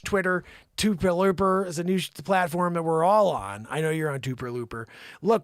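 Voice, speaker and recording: A man hosting a vlog, reading a news story aloud with chatty asides and sudden excited shouts. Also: high voice, no room sound, studio quality. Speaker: vlog host.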